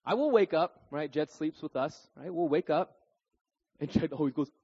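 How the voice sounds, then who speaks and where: A man in his thirties preaching a sermon, telling stories with animation and often turning to the congregation with a quick "right?". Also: on the high side, slightly rough, dull audio. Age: 30s. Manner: animated storytelling, keeps asking "right?". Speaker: pastor.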